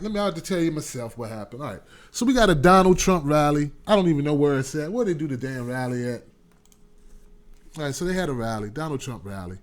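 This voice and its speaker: A man hosting a call-in commentary show, talking loose and slangy straight to his audience. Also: mid-range voice. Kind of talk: casual talk-show commentary.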